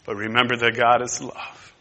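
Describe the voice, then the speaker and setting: A man preaching a sermon, impassioned and emphatic. He moves between hushed and loud. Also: mid-range voice, completely flat delivery, moderate pace, in a large hall, muffled recording. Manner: repetitive, emphatic.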